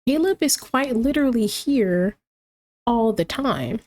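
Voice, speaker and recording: A woman's voice: a little high, animated, unhurried, darkish tone. Chatty woman narrating her life-sim game. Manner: chatty, reacts aloud, talks to the game characters. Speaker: gameplay commentator. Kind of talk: casual game commentary.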